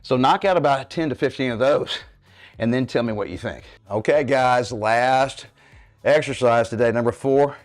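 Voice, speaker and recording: Medium pitch, normal speed: a man in his fifties coaches a home workout from his living room. This fitness coach gets out of breath demonstrating the moves and asks his viewers "okay, guys?"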